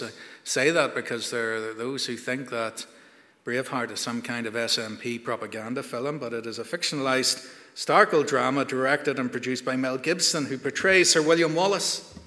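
A man's voice: medium pitch, pushed and bright, long reverb tail. A man preaching a sermon, earnest and building to emphatic peaks.

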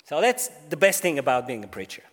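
A man's voice: a little high, very animated, fast, fairly bright tone, in a large hall. A man preaching a sermon in a church, speaking hesitantly with many fillers.

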